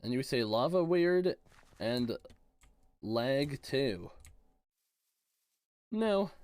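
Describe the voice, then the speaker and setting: Lively young Canadian man streaming a game. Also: medium pitch, clean tone, dry recording. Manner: playful, quick reactions, teasing viewers. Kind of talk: casual live-stream commentary reading chat.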